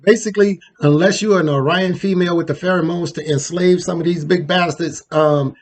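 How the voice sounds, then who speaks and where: A man with a slightly raised pitch hosts a casual countdown, rambling and digressing with slang and fillers. Faint background noise sits under his voice. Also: steady tone, a little fast. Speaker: host. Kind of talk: casual ranking commentary.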